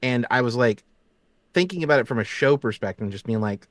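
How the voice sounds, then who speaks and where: A man with a slight Southern US accent, chatting casually as a game master and telling animated stories with frequent laughs. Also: mid-range voice, a little fast, no room sound. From American South. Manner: animated storyteller, laughs often. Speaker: game master and show creator. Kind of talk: casual chat.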